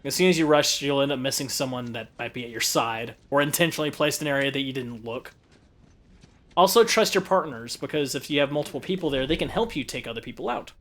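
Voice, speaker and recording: A young let's play commentator jokes his way through gameplay, laughing often, giggling, and handing out tips. He speaks quickly in a mid-range, slightly bright voice.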